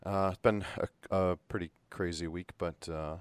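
Low-voiced dude hosting a horror podcast, chatty, lots of um and uh, dry close sound. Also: male voice, fairly even intonation, normal speed, clean tone, no room sound. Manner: loose and chatty, swears, many fillers. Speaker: podcast host. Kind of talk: casual podcast interview.

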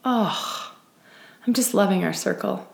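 Woman, circle leader, earnest, emphatic, frequent restarts, middle pitch, echoey room. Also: unhurried, creaky. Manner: earnest and emphatic, many "right?" asides and restarts. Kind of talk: live-streamed spiritual talk.

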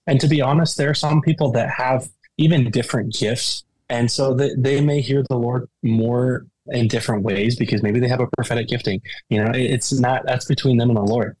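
Male podcast guest, earnest and animated, medium pitch, dry studio sound. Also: no room sound, poor audio. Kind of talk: conversational interview.

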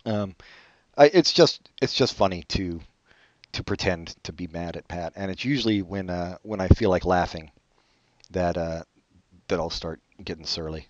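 A man co-hosting a podcast in casual chat, joking in a sarcastic, deadpan way. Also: low-pitched, moderate pace, dry recording, muffled recording. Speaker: podcast co-host.

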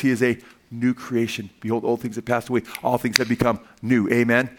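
An older man preaching a sermon as pastor, emphatic, often asking "Amen?" and rising in pitch when he pleads. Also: fairly bright tone.

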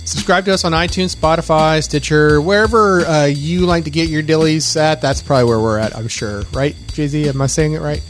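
A man's voice: a little high, fairly even intonation, brisk, few pauses, faint music behind. A man co-hosting a podcast, chatting playfully and joking with his co-hosts, often rambling and restarting his sentences. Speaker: podcast co-host. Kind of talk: casual podcast banter.

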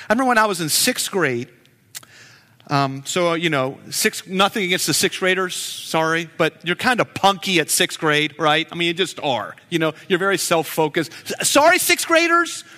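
Man preaching in a reverberant hall. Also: high voice. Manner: animated preaching, shifting between loud emphasis and hushed asides. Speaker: pastor. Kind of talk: sermon.

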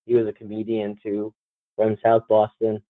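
A man's voice: lowish voice, monotone, moderate pace, dry recording. A young man from New Jersey with a New Jersey accent, co-hosting a casual podcast chat and rambling through stories with quoted back-and-forth. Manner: rambling, quotes people in mock dialogue. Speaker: podcast co-host. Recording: dry tinny phone-like line.

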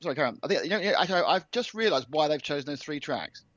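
A man's voice: on the high side, lively intonation, rapid-fire, fairly bright tone, dry recording, lo-fi sound. A man co-hosting a casual motorsport chat, sardonic and jokey, laughing often. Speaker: co-host.

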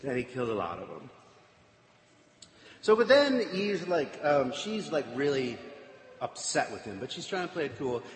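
A man casually retelling a scripture story with chatty, wry asides. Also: mid-range voice. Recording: echoey hall, faint room noise.

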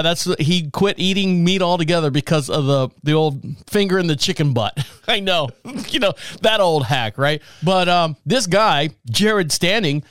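A man's voice: high-pitched, fairly bright tone, smooth, dry recording, studio quality. A man in his forties hosting a talk show, rambling and joking and laughing at his own jokes. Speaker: podcast host. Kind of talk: casual talk show monologue.

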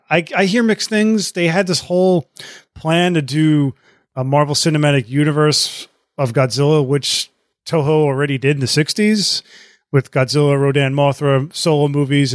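A man's voice: a little high, dry recording, clean studio sound. Chatty male podcast guest. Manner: chatty, lots of fillers and quick asides. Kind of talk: casual podcast chat.

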